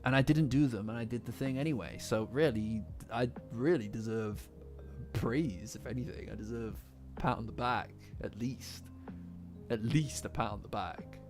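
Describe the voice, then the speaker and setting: A man's voice: medium pitch, moderate pace. A man casually chatting with his live-stream chat, rambling and swearing, often breaking into laughter. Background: faint lofi music.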